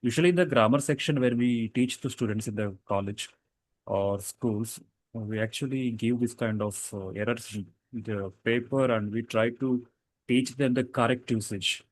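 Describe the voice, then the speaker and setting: A man's voice: mid-range voice, moderate pace, no room sound. A man teaching a casual grammar lesson, explaining rules with fillers and self-corrections.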